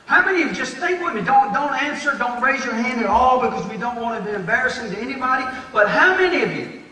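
A man's voice: extremely high pitch, animated, fast, pushed and bright. A man preaching a fervent sermon, addressing his listeners as dear friend and repeating himself for emphasis. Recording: echoey hall, picked up from a distance.

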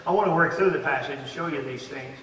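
A man's voice: fairly high pitch, quick pace, fairly bright tone, slight background noise. A man in his eighties preaching a sermon as a pastor, stressing points with rising emphasis and frequent restarts. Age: 80s. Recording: echoey hall, voice from far off.

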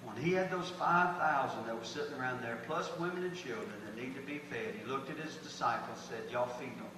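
A man's voice: medium pitch, lively intonation, brisk, a crowd in the background. A man, preaching a folksy sermon as pastor with emphatic bursts. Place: church sanctuary. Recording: echoey hall from far off, noisy.

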